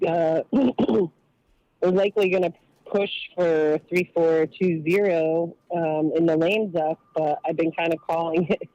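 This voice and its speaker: Slow, hesitant woman on a dull phone line. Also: on the low side, steady tone, mellow, no room sound. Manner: hesitant, thinks aloud with many fillers and laughs. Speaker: caller, cannabis activist. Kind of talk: casual phone call into a podcast. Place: at work.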